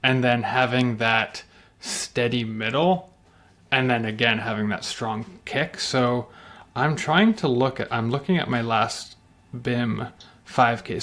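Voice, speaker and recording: A man in casual podcast talk, measured and thinking aloud as he recalls a race. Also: mid-range voice, pushed and bright.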